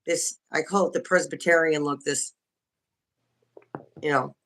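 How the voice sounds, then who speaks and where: Woman guest, video call, bright sharp tone, frank, open, restarts a lot. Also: low voice, steady tone, unhurried. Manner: candid, frank, restarts often. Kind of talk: casual livestream chat.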